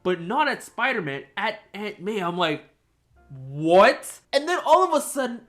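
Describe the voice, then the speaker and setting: A young man hosting a podcast, retelling a film scene in an excited, animated, casual way. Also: very high-pitched, brisk, faint music behind. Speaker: podcast host. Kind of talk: casual chat.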